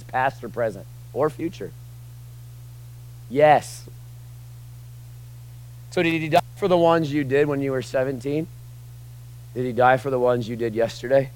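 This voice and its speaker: A young adult man preaching a sermon in a conversational way, dropping to quiet asides and rising to loud, emphatic bursts. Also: mid-range voice, no room sound, low-quality recording. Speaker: pastor.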